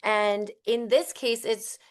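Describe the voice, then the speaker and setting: A woman co-hosting a podcast in a relaxed conversational way. She speaks thoughtfully. She often affirms what her co-host says before she adds her own view. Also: fairly high pitch, takes it slowly.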